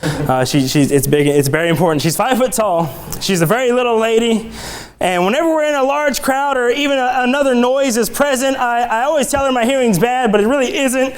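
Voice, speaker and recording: A young man preaching in a church with a high, bright-sitting voice that climbs even higher when he gets fired up. He talks in a conversational way and keeps restarting his sentences. A faint room ambience hums behind him. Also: brisk, a little hiss or hum. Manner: excitable, climbs high in pitch when worked up. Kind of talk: sermon. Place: church sanctuary.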